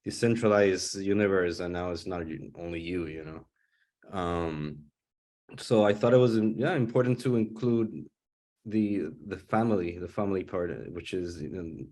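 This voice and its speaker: Deep-voiced young male filmmaker, musing. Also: normal speed, a little mellow. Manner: thoughtful, searching for words. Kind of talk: casual panel discussion.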